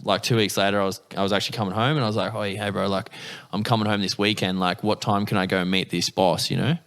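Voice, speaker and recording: An Australian man in his younger years yarns through a relaxed interview, quoting people in an animated way and swearing often. His voice sits on the low side and comes across smooth and clear. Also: quick pace. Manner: swears freely, animated anecdotes with acted quotes. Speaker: guest. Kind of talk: casual storytelling interview.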